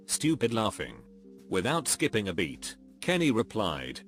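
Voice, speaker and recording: Male narrator, lower register, expressive lively read of short anecdotes, soft music bed behind. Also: a little slow. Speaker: narrator reading online posts. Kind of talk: scripted narration.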